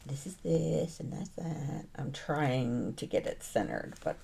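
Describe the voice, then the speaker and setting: A woman, chatting casually and wryly to herself as she works through a craft project, dropping into soft muttered asides. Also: rumbling low, animated, measured pace, creaky. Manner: wry, self-mocking muttering to herself; drops into soft asides while working. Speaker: crafting vlogger. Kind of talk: casual narration while crafting. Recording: noisy background.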